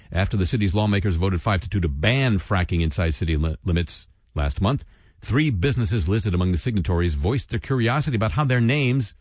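Sardonic deep-voiced man reading news. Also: dry recording. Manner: sardonic asides and mock voices between read news items. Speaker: radio commentary host. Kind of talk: satirical news commentary.

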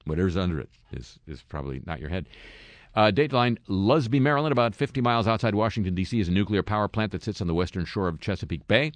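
A man's voice: on the low side, quick pace, dry recording. A man hosting a satirical news segment, reading stories and tossing in wry, sarcastic asides. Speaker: comedy news host.

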